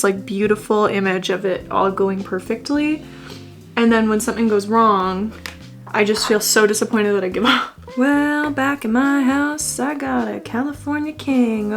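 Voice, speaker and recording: A slightly bright, higher-pitched female voice belongs to a beauty vlogger in her twenties. She talks casually as she attempts her makeup, self-deprecating and swearing freely, occasionally lapsing into playfully dramatic wails.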